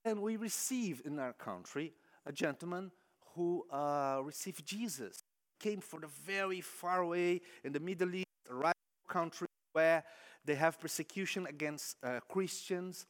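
A man preaching a sermon in English that is not his first language, telling stories with lively acted-out quotes. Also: on the high side, normal speed. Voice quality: non-native English phrasing. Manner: animated storytelling, acting out quoted voices.

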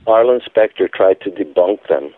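A man's voice: deep voice, expressive, normal speed, no echo. A man giving a phone-in radio interview, telling his account in an emphatic, insistent way. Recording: tinny phone line, dry.

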